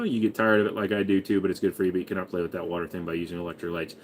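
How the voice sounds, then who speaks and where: A man's voice: low voice, flat delivery, racing, hardly any pauses, slight background noise. A man hosting a casual livestream, rambling in a crude, profane, joking way. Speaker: livestream host.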